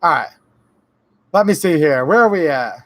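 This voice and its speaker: Heated, sarcastic man with a high voice. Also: expressive, moderate pace, fairly bright tone, no room sound. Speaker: host of a live Q&A stream. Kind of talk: ranting live-stream talk.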